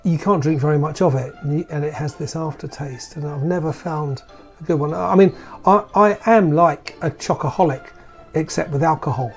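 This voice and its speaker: A man's voice: on the high side, moderate pace, vocal fry, soft background music. A British man telling rambling, self-mocking anecdotes in a casual chat among players.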